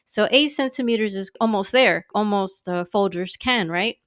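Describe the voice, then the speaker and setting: A woman in her thirties tells her story in a loose, casual way. She is sarcastic, laughs often and swears freely. Her voice is smooth and clear, recorded close and dry, with a mid-range pitch. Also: normal speed, a bit bright, dry recording. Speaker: podcast guest.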